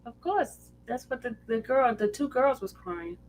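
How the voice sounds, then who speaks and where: A woman hosting a livestream in casual chat, with blunt, quick retorts. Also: on the high side, slight background noise. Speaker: livestream host.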